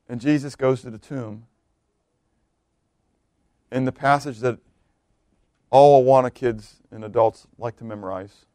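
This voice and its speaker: A man preaching a sermon, swinging from loud emphatic bursts to hushed quiet lines. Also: medium pitch, steady tone, normal speed, long pauses, no room sound, clean studio sound.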